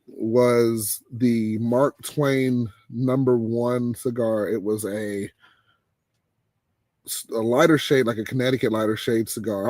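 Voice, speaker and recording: A man hosts a relaxed late-night chat show, his voice jumping way up whenever he gets fired up. The sound is dry and close, with no room around it. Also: no room sound. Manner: animated, exclaims with big pitch jumps when excited. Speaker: podcast host.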